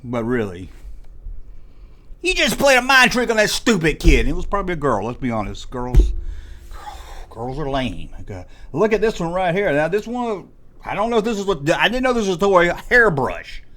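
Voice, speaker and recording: A man's voice: fairly high pitch, very animated, normal speed, a bit bright, a little hiss or hum. A man in his forties hosting a comedic rant, sarcastic and full of mock exasperation. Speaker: host.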